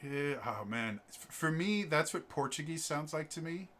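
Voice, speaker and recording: A man from Wisconsin running a tabletop game, chatting casually with animated, joking asides. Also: fairly high pitch, normal speed. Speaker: game master. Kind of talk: casual chat.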